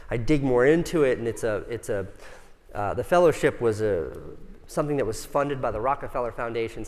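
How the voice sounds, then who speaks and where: A man telling his story casually to a conference audience, profane and self-mocking, chatting with the crowd. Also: mid-range voice. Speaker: conference speaker. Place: large conference hall stage. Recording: long reverb from a large hall.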